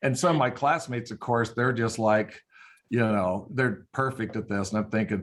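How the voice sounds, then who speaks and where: Low-voiced older man telling stories. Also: normal speed. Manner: lively anecdotes with voiced sound effects. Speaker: veterinarian. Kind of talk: casual storytelling.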